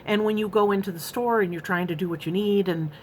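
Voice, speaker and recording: A woman's voice: mid-range voice, fast talker, a little hiss or hum. A woman in her fifties talking candidly in a personal vlog, earnest and rambling, with many fillers and restarts. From United States. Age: 50s. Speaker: vlogger.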